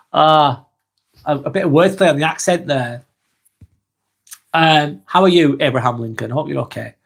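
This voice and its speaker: A man in his forties with a Lancashire accent, hosting a calm live vlog and reading comments while he has a cold. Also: fairly high pitch, vocal fry. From East Lancashire, England. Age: 40s. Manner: unhurried, reflective, musing aloud with tag questions.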